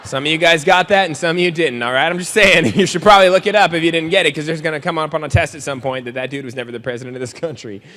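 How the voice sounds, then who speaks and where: Delivering a funny keynote to young people, a man speaks fast in a high, bright voice, an animated storyteller who jokes and plays out scenes. His speech echoes with long reverb through a big convention hall.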